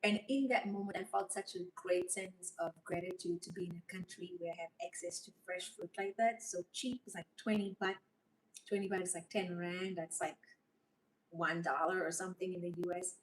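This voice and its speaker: A woman's voice: on the low side, steady tone, normal speed. Rambling woman livestreaming. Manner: rambling and openly emotional. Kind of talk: casual livestream chat reading comments. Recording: voice a bit far from mic, faint noise.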